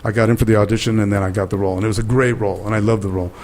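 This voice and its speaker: An older man, a guest actor, telling lively anecdotes in an interview and acting out the people in them. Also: lowish voice, racing. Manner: animated storyteller acting out quoted voices. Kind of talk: interview storytelling.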